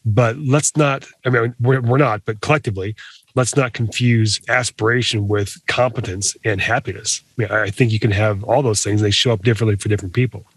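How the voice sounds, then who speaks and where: A man co-hosting a podcast, speaking in a thoughtful, measured way. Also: fairly low pitch, fairly even intonation, a bit bright, slightly rough, dry recording. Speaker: podcast co-host. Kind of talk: casual podcast chat.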